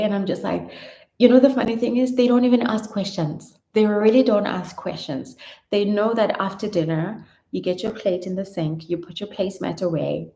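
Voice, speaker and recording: A woman vlogger chatting casually through viewer questions, animated, laughing and trailing off now and then. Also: on the low side, reverberant. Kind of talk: casual Q&A vlog chat.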